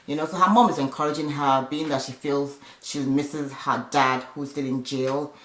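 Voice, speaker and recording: A woman's voice: sits low, moderate pace. Chatty woman in an echoey room. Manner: chatty, animated, with opinionated asides. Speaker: reality TV recap vlogger. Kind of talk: casual episode recap.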